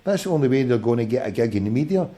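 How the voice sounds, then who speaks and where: A man's voice: mid-range voice, expressive, racing, mellow. A Glaswegian man in his forties hosting a late-night call-in podcast, swearing freely and bantering combatively. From Scotland. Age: 40s. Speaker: podcast host. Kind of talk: casual call-in chat.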